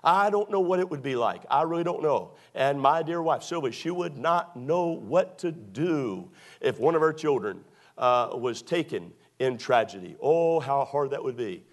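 A man's voice: mid-range voice, lively intonation, normal speed. A middle-aged man preaching a sermon to his church, restarting his sentences and repeating emphatic phrases. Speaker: pastor. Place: church sanctuary.

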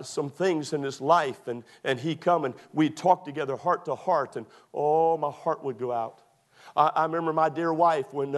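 A middle-aged man preaching a sermon to his church, restarting his sentences and repeating emphatic phrases. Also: on the high side. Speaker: pastor. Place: church sanctuary.

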